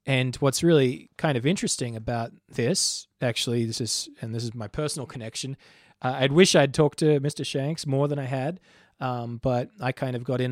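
A man's voice: mid-range voice, dry recording, clean studio sound. A man in his thirties hosting a program, talking conversationally with frequent restarts and personal asides. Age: 30s. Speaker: host. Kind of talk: casual spoken commentary.

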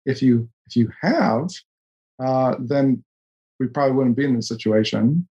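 A man from the Coast, talking in an earnest, self-deprecating, halting way as a podcast co-host in a casual discussion. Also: mid-range voice, mellow, muffled recording. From US West Coast.

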